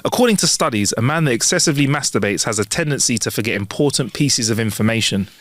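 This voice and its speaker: A man's voice: medium pitch, fast, no room sound. Giggly man swapping jokes. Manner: giggly, jokey, animated banter. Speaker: podcast co-host. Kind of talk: casual joke-swapping chat.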